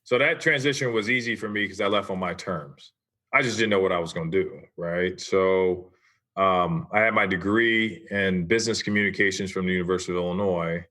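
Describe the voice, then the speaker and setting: Guest, man in his 40s: low-ish, bright and punchy, easygoing storyteller. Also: fairly quick. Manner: easygoing, tags points with "right?". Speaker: podcast guest, former basketball player. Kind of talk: casual interview storytelling.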